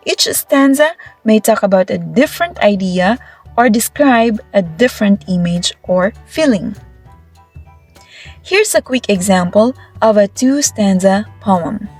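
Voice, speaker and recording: A woman's voice: medium pitch, darkish tone. A woman teacher from the Philippines giving an upbeat, encouraging recorded video lesson. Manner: upbeat, encouraging classroom explanation. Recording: faint background music.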